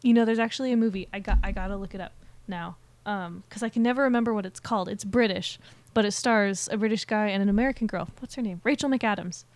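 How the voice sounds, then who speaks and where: A woman's voice: medium pitch, no echo. A young woman co-hosting a casual podcast, describing a film she likes, with plenty of ums and short agreeing sounds. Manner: relaxed, fills pauses with "um" and short agreeing sounds. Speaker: podcast co-host. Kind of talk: casual chat about movies.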